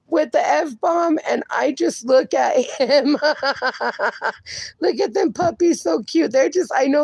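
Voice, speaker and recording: A woman's voice: high voice, a little mellow, no echo. A woman hosting a livestream, reading viewer comments aloud and chatting casually, laughing often. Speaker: livestream host reading chat. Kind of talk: casual chat.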